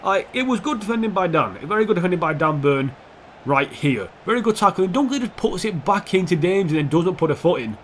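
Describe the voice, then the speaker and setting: A man's voice: sits high, very animated, a little fast, a little hiss or hum. Sweary young man commenting a game. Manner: sweary, sarcastic, talks to the players on screen. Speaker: gaming YouTuber. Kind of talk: casual gameplay commentary.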